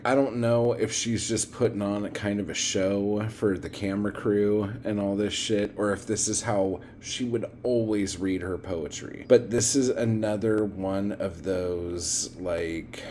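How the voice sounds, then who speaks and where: A man's voice: lowish voice, steady tone, a little slow, hardly any pauses, darkish tone, slight background noise. Profane, rambling man giving reaction commentary. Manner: blunt, profane, rambling with many fillers. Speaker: watchalong host.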